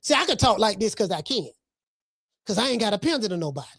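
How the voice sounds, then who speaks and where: A woman's voice: medium pitch, very animated, quick pace, a bit bright, breathy edge, dry recording, clean studio sound. A woman hosting a podcast, delivering brash, profane boxing commentary with lots of repetition. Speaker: podcast host.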